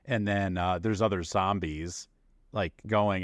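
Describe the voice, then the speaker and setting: Low-voiced man chatting on a podcast. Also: dry recording, clean studio sound. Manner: animated, jokey, acts out movie characters in quick voices. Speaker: podcast co-host. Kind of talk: casual chat.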